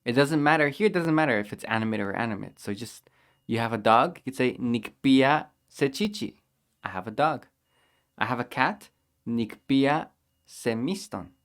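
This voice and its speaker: A man leads a language lesson, patiently repeating each phrase slowly and clearly so learners can copy him. His voice is medium-pitched and expressive.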